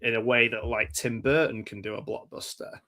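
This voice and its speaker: A man's voice: mid-range voice, fairly even intonation, normal speed, pushed and bright. An English man hosting a casual live chat about films, rambling and hesitant, with many fillers and restarts. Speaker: show host.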